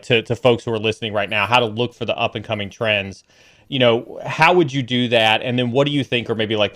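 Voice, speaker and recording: A man's voice: lowish voice, pushed and bright. A man hosting a casual interview, asking questions with hesitant restarts. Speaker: host.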